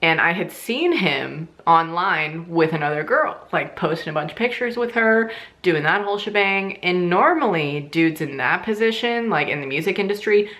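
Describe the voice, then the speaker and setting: A young woman vlogger telling a casual storytime, animated and laughing often, swearing freely and squealing high on quoted lines. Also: moderate pace.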